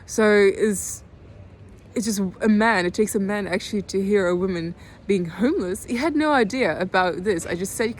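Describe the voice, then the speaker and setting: Young woman, Dutch accent, twenties, video diary, hesitant, calm, slow-spoken, near tears, mid-pitched, faint background hiss. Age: 20s. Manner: halting, hesitant, many fillers and restarts; calm, low-key, slow speech.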